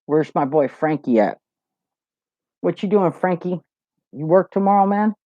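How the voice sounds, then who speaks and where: A man rambles easily through a live Q&A, swearing freely and spinning stories. His voice sits a little high. The recording is dry and dull, close and lo-fi. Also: lively intonation, a little slow, no echo. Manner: loose, profane, storytelling with lots of "you know". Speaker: host of a live Q&A show. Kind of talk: casual livestream chat, reading viewer comments.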